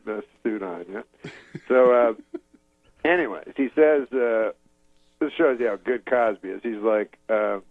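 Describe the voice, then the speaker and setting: A man from Canada, a comedian appearing as a talk show guest, telling a long anecdote in a halting, deadpan way. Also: on the low side, no echo, phone-quality sound. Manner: halting, deadpan, full of fillers and restarts. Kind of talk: casual rambling anecdote.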